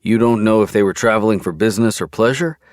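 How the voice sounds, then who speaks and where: A man's voice: fairly low pitch, normal speed, no echo, studio quality, close to an everyday voice. A man voicing a blunt, crass male police officer in an audiobook. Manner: crass, impatient.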